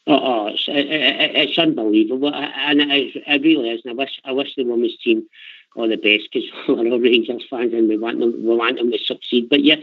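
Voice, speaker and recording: A man's voice: mid-range voice, fairly even intonation, fairly quick. An older Scottish man calling in to a radio show, talking with emotional passion and repeating himself. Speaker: caller. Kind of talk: phone-in chat. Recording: tinny phone line.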